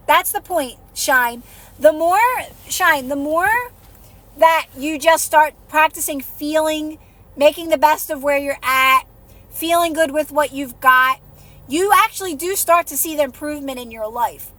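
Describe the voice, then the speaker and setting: Out of breath, a livestream host and manifestation coach speaks in a high voice at a measured pace. She offers calm, repetitive encouragement in a relaxed coaching style, her voice dropping softer whenever she leads toward calm.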